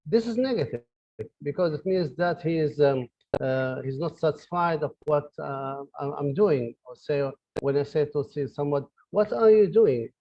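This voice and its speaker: A man's voice: fairly high pitch, moderate pace, no room sound, dull audio. Male professor, hesitant lecture. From Libya. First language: Arabic. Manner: hesitant, many fillers and restarts. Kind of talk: online lecture. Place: his office.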